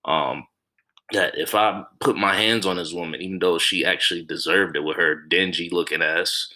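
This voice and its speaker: A man with a very low voice talks through a solo podcast monologue. His speech is blunt and profane, full of restarts, and his tone is bright and forceful. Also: moderate pace. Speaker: podcast host.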